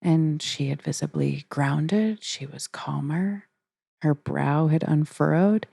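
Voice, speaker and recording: A woman hosting a podcast, telling stories in a relaxed conversational way. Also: sits low, slow, gravelly, husky, no echo. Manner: relaxed, storytelling. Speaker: podcast host. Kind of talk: casual conversation.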